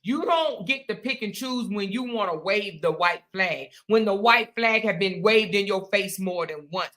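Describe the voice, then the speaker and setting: Bright-voiced woman ranting sarcastically. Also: mid-range voice, animated, normal speed. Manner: sarcastic, repetitive, mocking, emphatic. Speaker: commentary channel host. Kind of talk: ranting commentary monologue.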